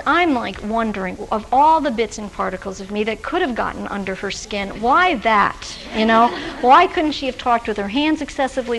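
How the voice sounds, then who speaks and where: Speaking on the high side with a fairly bright tone, a woman presents a recorded workshop lecture to social workers, with a live audience in the lecture room. She's conversational, full of fillers and restarts, and shares personal anecdotes; the recording is rough with a little hiss or hum.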